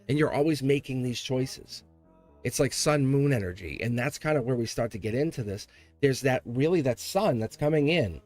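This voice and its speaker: A man doing a live tarot reading, talking in an excitable, rambling way and laughing often between thoughts. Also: mid-range voice. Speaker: tarot reader.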